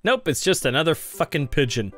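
A man's voice: on the high side, animated, fairly quick, fairly bright tone, soft background music. A man hosting a casual game playthrough, reading along and tossing in wry, profane asides. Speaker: let's play host.

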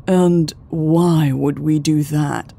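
Mocking sarcastic guy, dark low voice, slow, woman narrator doing him. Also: fairly even intonation, creaky, exaggerated voice. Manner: sarcastic, taunting. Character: mocking adult man, sarcastic sidekick.

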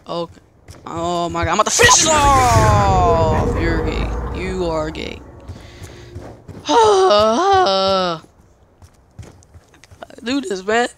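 A young man commentating his own gameplay, excitable, yelping and shouting in panic and repeating words rapidly. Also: high voice. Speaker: gamer. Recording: noisy game audio behind.

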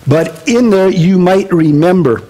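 A male pastor giving a casual Bible-teaching sermon to his congregation, animated and conversational with joking asides. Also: high-pitched, a little slow. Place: church service before a congregation.

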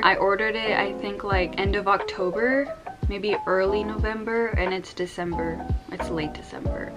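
A young woman vlogging an unboxing in casual chat, gushing and excitable, full of slang. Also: mid-range voice. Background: background music.

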